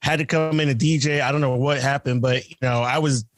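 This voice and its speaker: A man's voice: mid-range voice, fairly even intonation, brisk, no room sound. A man co-hosting a podcast tells a rambling story full of fillers and quoted dialogue over a video call. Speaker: podcast co-host. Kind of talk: casual storytelling. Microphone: remote video call.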